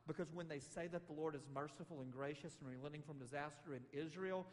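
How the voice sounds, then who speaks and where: A man preaching a sermon in a conversational, animated way, acting out quotes with rising emphasis. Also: on the high side, fast talker. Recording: long hall reverb.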